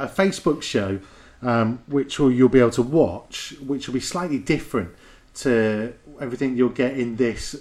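A man's voice: mid-range voice, darkish tone. A man hosting a podcast in a casual, chatty and joking way. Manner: chatty, joking, self-mocking. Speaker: podcast host.

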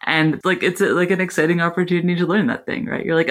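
A woman's voice: on the low side, steady tone, fast talker. A woman guest from Canada, an infrastructure engineer, talking casually and hesitantly with frequent fillers and laughs. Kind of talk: casual interview chat.

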